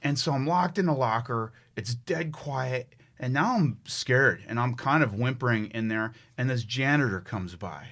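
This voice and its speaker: Animated, emphatic middle-aged man. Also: mid-range voice, normal speed. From United States. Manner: animated, emphatic, many restarts. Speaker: podcast guest, fitness trainer. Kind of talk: conversational storytelling.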